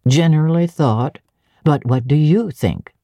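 A woman reading an audiobook, voicing a curt, imperious, brooding gentleman in a gruff manner. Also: deep voice, measured pace, no room sound, studio quality.

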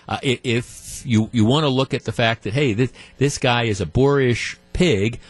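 A man's voice: mid-range voice, no echo. A man hosting a talk radio show, talking through his opinions in a conversational way, with frequent restarts and repeated words. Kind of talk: talk radio commentary with callers. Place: radio studio.

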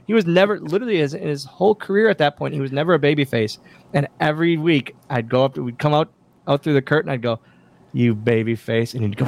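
Guesting on a podcast, a wrestler who owns a wrestling school tells animated stories in casual interview conversation, acting out the lines he quotes. His voice is fairly high-pitched and creaky.

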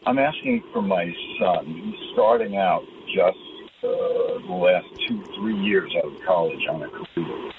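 A man's voice: low voice, measured pace. A man calling in to a radio show, hesitant and apologetic, heard over a distant, noisy phone line. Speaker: caller. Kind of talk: phone-in chat.

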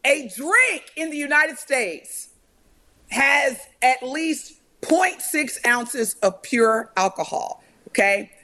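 A woman's voice: sits high, lively intonation, slow, sharp tone. A woman from Indiana co-hosting a radio talk show, chatting casually and reading a list aloud with lots of laughter. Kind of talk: casual chat.

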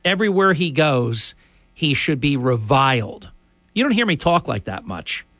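Indignant talk radio host, dry studio sound. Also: male voice, mid-range voice, very animated, moderate pace, a bit bright, no echo. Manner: indignant, emphatic ranting.

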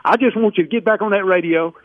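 A man calling in to a radio show, talking in a folksy, preacherly way with drawn-out emphatic phrasing over a phone line. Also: sits high, dry recording. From Mississippi. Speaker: caller. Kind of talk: casual radio call-in chat. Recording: phone-line call, dry.

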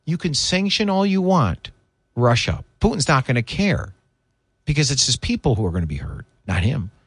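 A man's voice: mid-range voice, very animated, moderate pace, slightly rough, dry recording. A man hosting political talk radio, delivering opinionated commentary in an indignant, emphatic way. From United States.

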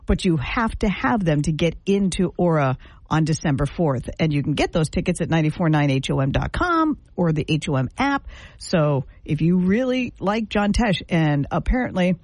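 A woman's voice: fairly low pitch, dry recording. A woman hosting a radio morning show, chatting casually and laughing often.

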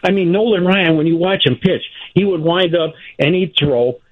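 An older man phones in to a radio show, and his stories come through a thin, tinny phone line. His voice sits a little high, and he gets carried away and laughs as he tells them. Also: normal speed. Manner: animated storyteller, laughs often. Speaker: former ballplayer guest. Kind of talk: phone-in radio interview storytelling.

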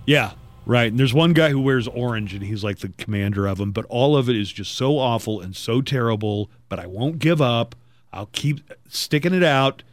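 A man's voice: medium pitch, lively intonation, normal speed, no echo. A man hosting a morning radio show, chatting in a casual, exasperated storytelling way. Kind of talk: casual chat.

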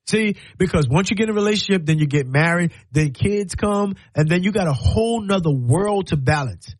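Male radio talk host, emphatic sermon-like monologue, slightly husky tone, dry booth. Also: high voice, lively intonation, brisk, no room sound, poor audio. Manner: preachy, emphatic, repeats words, acts out quoted lines.

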